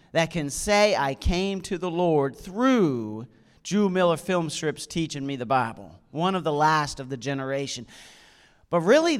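A man with a Canadian accent softened by a hint of Southern drawl gives a church talk as a chatty personal testimony. His voice sits somewhat high for a man and sounds smooth and resonant. He tells his story with easy humor. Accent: Canadian with a slight Southern drawl. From Nova Scotia, Canada. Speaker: guest speaker at a church.

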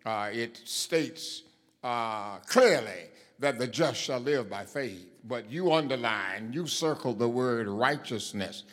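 A man delivers a teaching sermon at an unhurried, plodding pace, his voice sitting in an ordinary middle register. He pauses often on "uh" and then rises to punch the words he wants stressed. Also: medium pitch, animated, a bit bright. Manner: slow, deliberate, with many "uh" fillers and emphatic stressed words. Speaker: preacher.

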